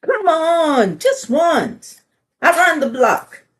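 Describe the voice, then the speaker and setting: A woman's voice: high-pitched, very animated, drawn-out words, voice pushed up, heavily acted. A woman voicing a pushy, childish male pigeon who begs and whines in a storybook read-aloud. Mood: pleading. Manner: wheedling, whiny begging.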